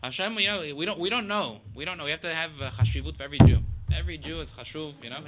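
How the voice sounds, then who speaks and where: A man's voice: a little high, rapid-fire. A man giving a casual Torah class, talking conversationally with many asides and Hebrew terms. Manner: conversational, full of "you know" and Hebrew terms. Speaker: Torah teacher. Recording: tinny phone-like line with faint noise.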